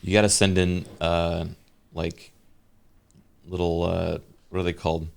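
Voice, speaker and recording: A man with a very low voice co-hosts a casual podcast chat. He often stops and restarts while hunting for the right word. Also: flat delivery, gravelly, clear, resonant tone. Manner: halting, searching for words. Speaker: podcast co-host.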